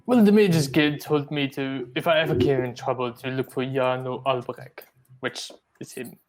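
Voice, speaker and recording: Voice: mid-range voice, steady tone, moderate pace, slight background noise. A player in a tabletop game over a video call, speaking bluntly and casually.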